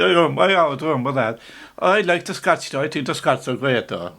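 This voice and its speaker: An older man with an Irish accent, reminiscing in a relaxed, rambling way, often stopping to restart and chuckling as he talks. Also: a little high, normal speed, creaky. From Ireland. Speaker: interviewee. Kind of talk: casual reminiscing.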